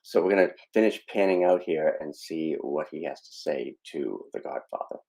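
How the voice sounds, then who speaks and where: A man's voice: extremely low pitch, animated, moderate pace, vocal fry, a little mellow, rough recording. A man hosting a podcast, casually explaining a film scene with frequent fillers and asides. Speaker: podcast host.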